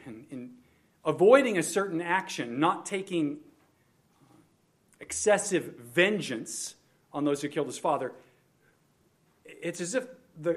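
A man preaching an expository sermon, explaining a Bible passage verse by verse and leaning hard on emphasis, at times speaking straight to the children listening. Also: on the high side. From United States. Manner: expository, emphatic on scripture, addresses kids directly. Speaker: pastor.

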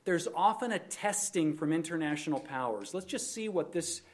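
A man with a slightly high voice preaches an expository sermon. He works through a Bible passage verse by verse and stresses key words. At times he turns to speak directly to the kids in the congregation. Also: animated, moderate pace. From United States. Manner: expository, emphatic on scripture, addresses kids directly. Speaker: pastor.

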